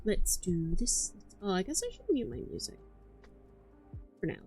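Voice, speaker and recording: Woman streamer, hyper and tired, rambling, cursing, stammers, very animated pitch, faint music behind. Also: normal speed. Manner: rambling, swears a lot, stammers and repeats herself. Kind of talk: casual stream chat.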